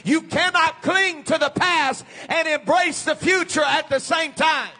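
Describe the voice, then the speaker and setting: A man preaching a sermon, moving from quiet teaching to shouted, fervent preaching. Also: extremely high pitch, a little slow.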